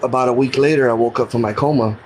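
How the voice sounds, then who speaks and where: A man's voice: mid-range voice, steady tone, fast talker, darkish tone, low-quality recording. Earnest middle-aged man telling his story. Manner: earnest, plain-spoken, retells dialogue. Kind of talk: casual personal storytelling.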